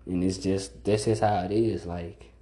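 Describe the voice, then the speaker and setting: A man talks straight to his listeners in a casual solo podcast. His voice sits low and sounds dark and mellow, and he speaks bluntly and profanely, with "like" between nearly every phrase. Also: fairly even intonation, unhurried, a little hiss or hum. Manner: blunt, profane, repeats "like" constantly. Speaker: podcast host.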